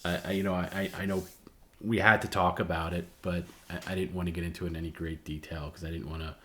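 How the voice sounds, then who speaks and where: Man, middle-aged, very low voice, casual storytelling, candid, meandering. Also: level tone, quick pace. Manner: candid, meandering, often trailing off softly. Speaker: livestream host.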